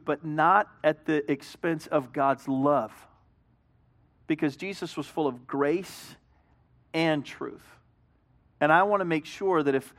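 Man, middle-aged, pastor, sermon, earnest, conversational, storytelling, fairly high voice. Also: fairly bright tone.

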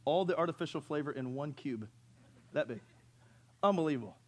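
A man's voice: on the high side, expressive, a little fast, a little mellow. A man in his fifties preaching a sermon, who tells funny stories and asks the congregation questions. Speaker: pastor.

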